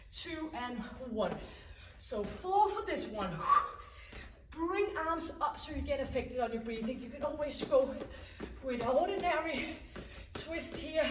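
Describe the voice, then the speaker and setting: A woman's voice: high voice, very noisy. Encouraging woman coaching a workout. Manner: encouraging, counts down reps. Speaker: fitness instructor. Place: home workout space. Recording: echoey room, mic at a distance.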